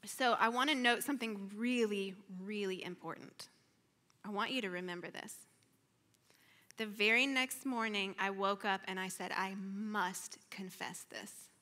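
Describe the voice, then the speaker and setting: A woman's voice: mid-range voice, moderate pace, sharp tone, in a large hall. A woman sharing a personal testimony in a sermon at church, earnest and emotional, sometimes sinking to a near-whisper. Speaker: church speaker. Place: church sanctuary.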